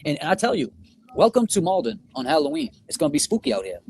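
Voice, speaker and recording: A man's voice: on the high side, fast talker, a little hiss or hum. A man co-hosting a livestream, speaking scornfully and swearing heavily. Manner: profane, scornful, animated. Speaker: podcast co-host. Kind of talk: heated livestream rant.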